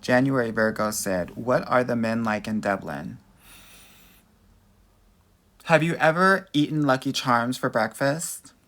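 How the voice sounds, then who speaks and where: At medium pitch and a bit bright, this American man takes his time and pauses often. He's answering dating questions live, reading comments in a sassy, flamboyant manner and calling listeners honey and girl.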